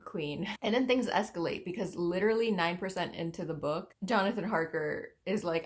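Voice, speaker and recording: Chatty, rambling lower-voiced book vlogger. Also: female voice, moderate pace, few pauses. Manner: chatty and self-deprecating, with frequent "like" fillers. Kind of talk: casual rambling book chat.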